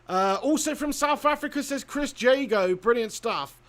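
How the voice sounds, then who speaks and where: A man's voice: very high-pitched, animated, normal speed, a bit bright. Chatty Englishman hosting a live stream. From England. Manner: chatty, jokey, reads viewer comments aloud. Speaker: football watch-along host. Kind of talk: live-stream chat and shout-outs.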